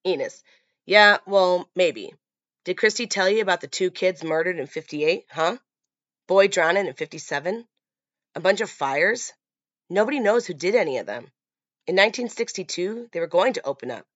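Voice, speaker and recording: A woman voicing a gloomy older local man who warns of doom, slow and ominous, in a dull lo-fi recording. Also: on the low side, animated, a bit bright.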